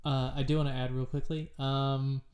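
A woman's voice: very deep voice, level tone, moderate pace, a little mellow. A woman guest on a movie podcast, chatting casually in a dry, laid-back way. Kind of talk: casual movie-review chat.

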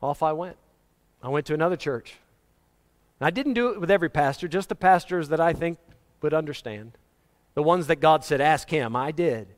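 Higher-voiced man preaching a story-filled sermon. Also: moderate pace, long pauses. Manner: animated storyteller, acting out quoted voices. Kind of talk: sermon with personal stories.

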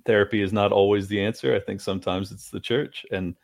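A man's voice: fairly low pitch, fairly even intonation, fairly quick, vocal fry, no echo, clean studio sound. A man hosting a casual chat, sympathetic and thoughtful in his reply. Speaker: host.

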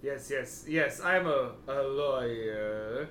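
A man's voice: medium pitch, takes it slowly, fairly bright tone, slight background noise, voice pushed down. A man voicing an eccentric, tipsy male wood elf wizard who works as a lawyer, slurring, joking and repeating his words. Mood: weary. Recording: roomy echo.

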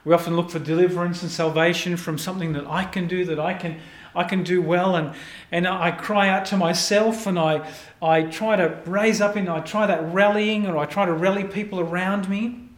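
A male pastor preaching a sermon in an earnest way, often repeating words and dropping softly into prayerful lines. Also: sits high, steady tone, normal speed, echoey room.

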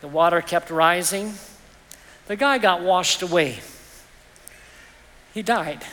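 Slow and sharp-toned, a middle-aged pastor with a high voice preaches in church. He tells stories to make his point, sounding earnest and personal, as his words echo through the reverberant hall.

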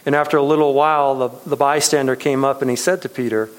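A man's voice: medium pitch, steady tone, fast talker, low-quality recording. A man in his thirties preaching a sermon as pastor, talking in a loose, conversational way with many fillers and restarts, and chuckling often. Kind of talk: casual sermon.

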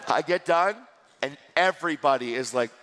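A man preaching a sermon, telling a story in a lively, joking way and acting out the dialogue. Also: a little high, normal speed, big-room sound, noisy background. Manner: animated, jokey, acts out dialogue.

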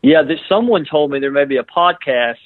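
Casting: relaxed male guest on a tinny phone line, dry, mid pitch. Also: brisk, no room sound. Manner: relaxed, many restarts. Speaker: guest football writer. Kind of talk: casual sports analysis.

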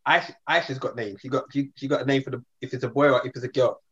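A man's voice: mid-range voice, fairly even intonation, racing, a bit bright, slightly rough, muffled recording. A man, chatting in a laid-back, slangy way as a podcast co-host. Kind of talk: casual chat.

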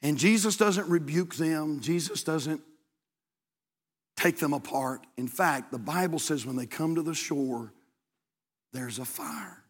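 A man preaches with a high, slightly husky voice, rising into shouted encouragement and then sinking low for quiet storytelling. His words ring out with a long echo, like a large church hall. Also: a little slow, pauses often. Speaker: pastor. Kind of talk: sermon. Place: church sanctuary.

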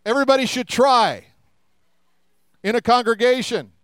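Older male pastor, smooth and conversational. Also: very high voice, normal speed, a bit bright, no echo. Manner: conversational, humorous asides, rhetorical questions. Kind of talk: sermon.

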